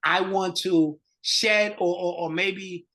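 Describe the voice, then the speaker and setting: A man being interviewed as an author guest, speaking in a playful, halting way with restarts. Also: high-pitched, fairly even intonation, bright, forceful tone. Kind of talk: casual interview talk.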